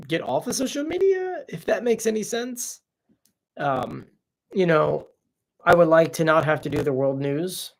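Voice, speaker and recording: A man's voice: fairly high pitch, darkish tone. A man hosting a casual live stream, chatting off the cuff as he reads out viewer comments and answers them.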